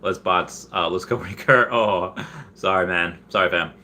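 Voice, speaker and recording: A man hosting a casual livestream, reading viewer comments aloud and rambling with frequent laughs and restarts. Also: measured pace. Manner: bursts into high, loud put-on voices when quoting. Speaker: livestream host.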